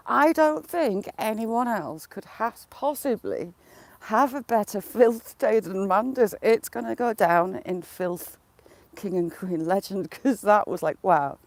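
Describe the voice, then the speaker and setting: A woman's voice: medium pitch, animated, measured pace, no echo. A middle-aged woman chatting casually to her live viewers while walking her dog outdoors, often breaking into giggles. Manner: giggly, keeps breaking into laughter.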